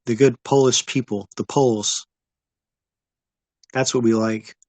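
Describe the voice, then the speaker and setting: A man's voice: medium pitch, fairly even intonation, measured pace, darkish tone, no echo. Laid-back man rambling on a livestream. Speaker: livestream host. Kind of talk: casual livestream chat with viewers.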